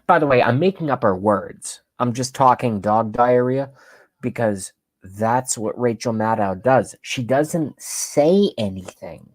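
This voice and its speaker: A man ranting on camera in a comic, profane political tirade, swinging between loud outbursts and hushed whispers. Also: medium pitch, lively intonation, measured pace, no echo. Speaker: channel host ranting on camera. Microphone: webcam.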